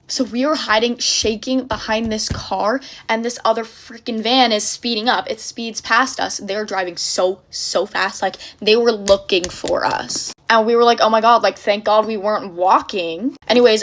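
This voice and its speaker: A young woman casually telling a dramatic story in an animated, breathless way, full of fillers. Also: on the high side, moderate pace, few pauses, slight background noise.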